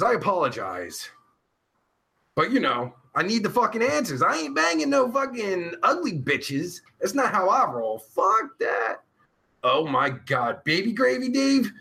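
High, bright-voiced crude male streamer. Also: creaky. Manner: rambling, vulgar, quick to get riled up. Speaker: live show host reading chat. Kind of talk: crude casual live-stream chat.

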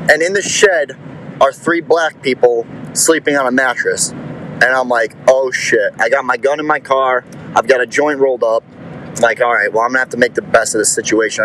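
A man's voice: medium pitch, a bit bright, slight background noise, low-quality recording. A young man telling a personal story in a crude, rambling way, swearing often and restarting his sentences. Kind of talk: casual storytelling.

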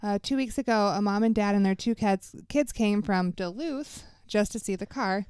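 Smooth-voiced woman podcast host. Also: mid-range voice, normal speed, darkish tone, no echo, studio quality. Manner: reads news articles aloud with fillers and laughs. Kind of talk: casual podcast chat.

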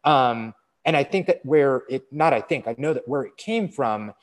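A man's voice: medium pitch, expressive, normal speed. Rambling man full of filler words. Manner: loose and rambling, many filler words like "like" and "you know". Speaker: fitness brand representative, guest. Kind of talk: casual conversational interview.

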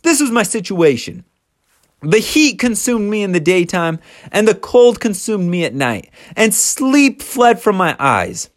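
A man's voice: high voice, sing-song, measured pace, voice pushed up. A man voicing an aggrieved shepherd from a Bible story, reading his words in a declamatory way. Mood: furious. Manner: heated, declamatory scripture reading. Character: wronged hardworking biblical shepherd, a grown man.

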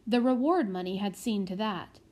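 A woman narrating a children's audiobook in a measured way. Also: medium pitch, darkish tone. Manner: measured, with small slips corrected.

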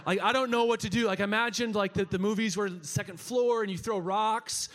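A man's voice: high-pitched, a little fast. A young man, telling a story to an audience and acting out the quotes. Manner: animated, acts out quotes, laughs often. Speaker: speaker at a young adults gathering.

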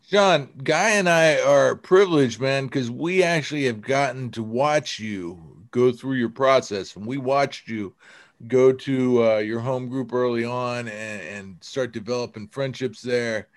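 Man, mid pitch, casual podcast co-host, relaxed storytelling. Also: unhurried. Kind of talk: casual recovery-group chat.

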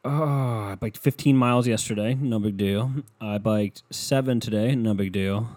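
This dry recording captures a young man's casual solo podcast rant, delivered into a headset at home. He hosts the show himself, rambling and swearing with self-deprecating humor in a lowish, darkish voice at a moderate pace.

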